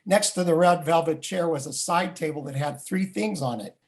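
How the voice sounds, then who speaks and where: An older man and Jewish educator telling a family story in a vivid, animated way. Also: on the high side, moderate pace. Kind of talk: storytelling talk.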